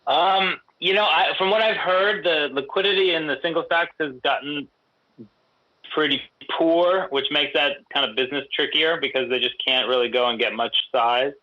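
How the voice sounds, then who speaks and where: A male guest co-host with a somewhat high voice answers a market question in a measured, hesitant way. The audio is dull and lo-fi. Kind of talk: casual podcast market talk. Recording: muffled podcast audio.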